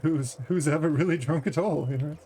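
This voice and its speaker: A man's voice: fairly high pitch, a little fast, warm tone, breathy edge. A man voicing a tipsy, flamboyant male bard with a theatrical put-on accent, cheeky and calling everyone dear. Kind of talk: in-character banter over a game.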